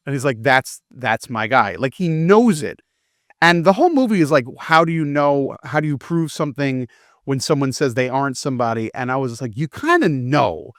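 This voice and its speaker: A man's voice: fairly high pitch, lively intonation, fairly quick, dry recording. Guy film critic rambling about a movie, dry studio mic, acts out the lines. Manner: chatty, acts out characters' lines in quotes. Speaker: film reviewer. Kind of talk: casual podcast chat.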